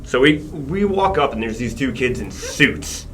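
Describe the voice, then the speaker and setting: A man in a band telling a story on a casual podcast, animated and swearing freely, laughing as he goes. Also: medium pitch, unhurried. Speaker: band member guest.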